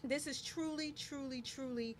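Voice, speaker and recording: A woman's voice: high-pitched, fairly even intonation, moderate pace, slight background noise. A woman hosting a live talk show, speaking emphatically and repeating words for stress. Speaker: show host. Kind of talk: casual live show chat.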